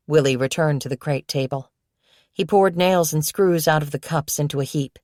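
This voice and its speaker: A woman reading a novel aloud as narrator, in steady, measured storytelling. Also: deep voice, no echo, clean studio sound. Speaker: audiobook narrator. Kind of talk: scripted narration.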